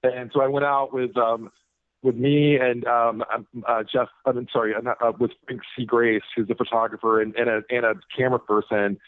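A man's voice: medium pitch, little pitch movement, moderate pace, no room sound. Man rambling over tinny radio audio. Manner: rambling, many fillers and restarts. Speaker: author and guest. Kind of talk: casual interview talk.

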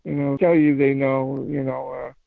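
A man telling a paranormal story in a casual phone interview, rambling and halting with many restarts. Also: mid-range voice, little pitch movement, no echo. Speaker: paranormal investigator guest. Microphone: phone call. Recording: tinny phone line, fry.

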